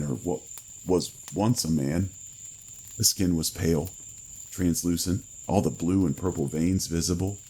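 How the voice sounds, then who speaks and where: Man, horror story narrator, very deep voice, gravelly and husky, grave and measured. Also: darkish tone, poor audio.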